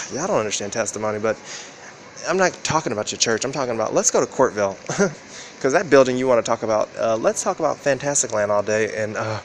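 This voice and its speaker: A man vlogging in a rambling, profane monologue, acting out quoted exchanges with sudden jumps in pitch. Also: animated, brisk, slight background noise. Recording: loud background ambience.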